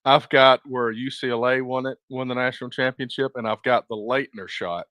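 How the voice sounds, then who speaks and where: Male co-host, mid pitch, easygoing, rambling with fillers, dry close-miked sound. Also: steady tone, fairly quick, a bit bright, no room sound. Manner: easygoing, rambling with fillers, laughs at own jokes. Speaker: podcast co-host. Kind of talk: casual sports chat.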